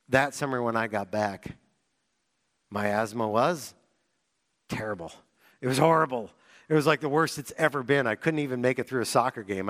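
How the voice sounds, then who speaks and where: A young male pastor delivers a sermon in a conversational, storytelling way. His voice sits at an ordinary middle pitch. Now and then he jumps into excited, high-energy outbursts. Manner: animated storytelling with sudden excited bursts.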